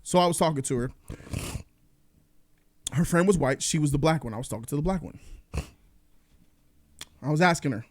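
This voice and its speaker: A high-pitched man tears through a comedic movie review. He talks in an animated, profane rant and jumps into voices to act out the people in his stories. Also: a little fast, long pauses. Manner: animated, profane, acts out quotes. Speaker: host.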